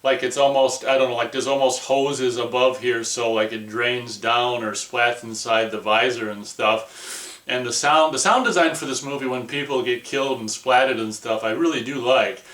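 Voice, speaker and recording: Man, movie reviewer, rambling, excitable, casual talk, roomy echo. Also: medium pitch, moderate pace. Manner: rambling and excitable, heavy on "like" and "you know".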